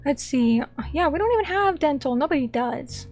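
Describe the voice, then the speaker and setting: High-voiced excitable woman streamer. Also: moderate pace, faint music behind. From United States. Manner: excitable, gushing, ranting. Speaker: vtuber streamer. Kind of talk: casual chat reading viewer comments.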